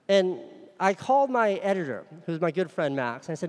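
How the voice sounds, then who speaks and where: A man's voice: high voice, very animated, fairly quick, few pauses, long reverb tail. A man giving a frank, self-deprecating keynote at a conference, telling the story of his career in plain, earnest words. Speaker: conference speaker.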